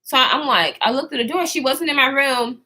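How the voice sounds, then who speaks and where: A woman's voice: high-pitched, fairly quick, bright, forceful tone. A woman in her twenties telling a story to her viewers in a casual, slangy way, swearing freely and often trailing off to restart.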